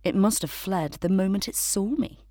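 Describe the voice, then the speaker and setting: A woman voicing a haughty, pampered male house cat who grumbles in a lower, quieter voice. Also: normal speed, dry recording, studio quality, natural voice. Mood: disdainful. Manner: low, grumbling, contemptuous.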